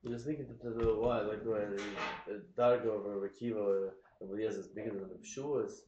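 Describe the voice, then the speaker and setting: A male student offering ideas in a study discussion, halting and unsure, many restarts. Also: fairly low pitch, fairly even intonation. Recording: dull, echoey room recording with faint noise.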